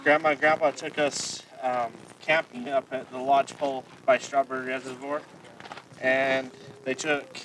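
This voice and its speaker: A young man giving a casual spoken tribute to his grandfather at a family gathering, hesitant and full of pauses and fillers. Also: mid-range voice, level tone, a bit bright. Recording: distant mic, faint background noise.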